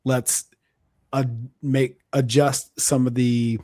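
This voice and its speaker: A man's voice: mid-range voice, little pitch movement, slow, darkish tone, no room sound, studio quality. A male podcast host who asks reflective questions with sighs and offers frequent short murmurs of agreement. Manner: reflective, sighing, gives many short backchannels. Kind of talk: casual interview.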